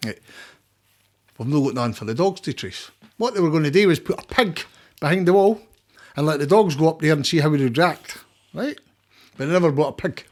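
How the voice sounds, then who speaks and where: A Scottish podcast guest with a fairly high voice tells a rambling story in a loose, casual way, stumbling, repeating words and swearing freely. His intonation is lively, his pace a little fast, and he takes long pauses.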